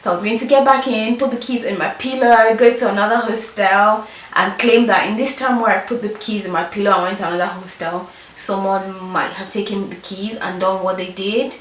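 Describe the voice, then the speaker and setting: A young woman telling a mischievous story from her school days in an animated, emphatic way. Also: medium pitch, fairly quick. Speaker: vlogger. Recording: roomy echo, distant mic.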